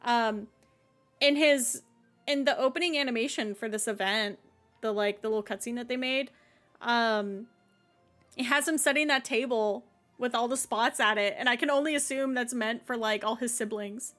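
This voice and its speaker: A woman streamer chatting casually about a story game. She rambles and laughs as she goes, and her voice sits somewhat high for a woman. Quiet game music runs underneath. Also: normal speed. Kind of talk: casual live game commentary.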